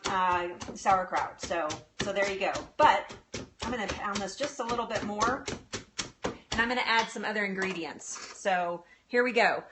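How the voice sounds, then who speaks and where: A woman's voice: mid-range voice, background noise. A woman hosting a casual live cooking demo, chatting with viewers and laughing often. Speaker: live-stream cooking host. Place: home kitchen.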